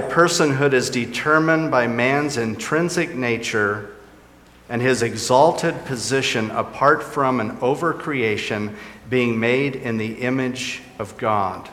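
A man's voice: mid-range voice, slow, fairly bright tone, a little hiss or hum. A man preaching a sermon as pastor, his voice rising and dropping for emphasis. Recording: echoey church hall.

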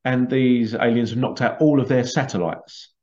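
A man's voice: medium pitch, moderate pace, a little mellow. A man telling a long, rambling story, full of restarts and acted-out quotes. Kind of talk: casual conspiracy talk, storytelling. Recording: dull lo-fi sound.

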